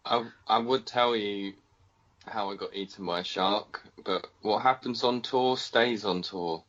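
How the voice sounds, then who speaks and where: Slow, bright-voiced man. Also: lowish voice, muffled recording. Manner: hesitant, slow and deadpan. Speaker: podcast co-host. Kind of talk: casual chat.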